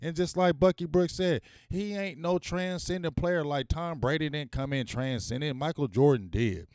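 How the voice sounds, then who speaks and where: A man's voice: fairly high pitch, moderate pace, clear, resonant tone, dry recording, clean studio sound. A man hosting a live-streamed sports talk show, speaking in casual slang and calling out to his viewers. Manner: animated, talks straight to viewers, casual slang.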